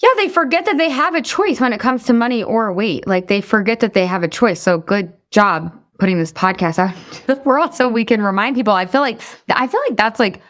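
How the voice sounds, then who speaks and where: A woman's voice: on the high side, brisk, fairly bright tone. A mother talking as a podcast guest in a candid, confessional way, swearing casually.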